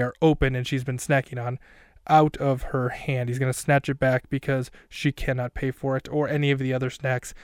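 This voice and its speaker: A male podcast host walks through a film scene by scene, rambling, poking fun at himself, and filling gaps with lots of fillers. His medium-pitched voice is clean, recorded dry with clean studio sound.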